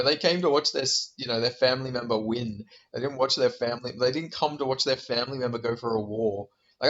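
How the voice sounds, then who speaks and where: A man's voice: mid-range voice, fairly bright tone, muffled recording. Heated, profane man ranting. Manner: heated, profane and exasperated, with rhetorical questions. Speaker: MMA commentator. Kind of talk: ranting vlog commentary.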